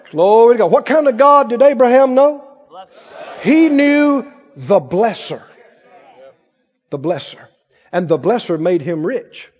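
A man's voice: extremely high pitch, animated, a little slow, pauses often, darkish tone. A man preaching a sermon as pastor, with fervent, repeated declarations. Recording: dull sound in a reverberant hall.

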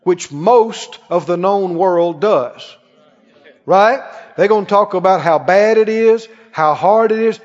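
A middle-aged man preaching a sermon as pastor, emphatic and animated, with sudden exclamations. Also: sits high, a little slow. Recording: dull recording with long hall reverb.

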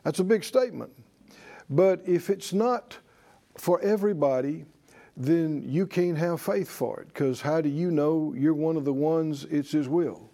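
Male preacher-teacher, higher register, warm and mellow, drives points home by repetition. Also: measured pace. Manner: emphatic, repetitive, leads call-and-response. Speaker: preacher teaching a faith class. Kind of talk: sermon-style Bible teaching.

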